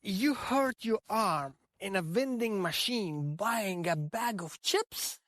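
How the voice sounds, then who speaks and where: A woman doing a deadpan TV news anchor in a learning-show skit, speaking slowly with a newsreader's cadence. The sound is dry and close. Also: medium pitch, no echo. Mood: questioning. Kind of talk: scripted comedy skit.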